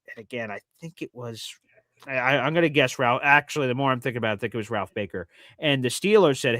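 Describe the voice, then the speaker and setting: A man's voice: mid-range voice, animated, fairly quick, a bit bright, no echo, clean studio sound. Chatty man co-hosting a sports show. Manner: conversational, hesitant with fillers and restarts. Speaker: co-host. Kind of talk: casual sports podcast chat.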